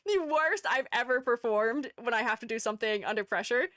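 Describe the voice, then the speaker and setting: A woman streamer chatting casually with her live audience, giggling often and playfully animated. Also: fairly high pitch, quick pace, no room sound, clean studio sound. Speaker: streamer and art educator.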